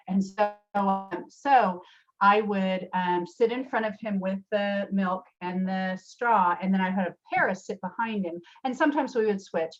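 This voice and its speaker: Woman, workshop presenter, chatty, lots of fillers, mid-pitched, slightly dull video-call sound. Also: measured pace. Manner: chatty, many fillers and restarts, addresses attendees by name. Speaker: special education teacher. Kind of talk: virtual workshop talk with storytelling.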